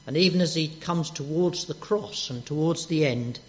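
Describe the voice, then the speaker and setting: A man preaching a sermon, gentle and earnest, dropping soft on quoted words. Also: on the high side, moderate pace, slight background noise. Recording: dull lo-fi church recording.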